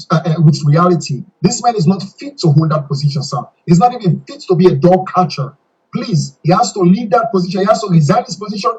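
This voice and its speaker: A man's voice: high-pitched, breathy edge, far from the mic, poor audio. A man with a Sierra Leonean accent, giving a fiery interview and repeating himself when angry. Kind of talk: impassioned interview.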